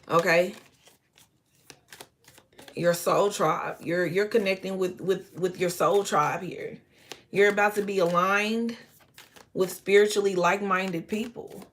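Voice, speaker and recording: A woman's voice: mid-range voice, a little hiss or hum. A woman reading tarot cards for her viewers, emotional and effusive, now and then breaking into gospel song. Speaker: tarot reader.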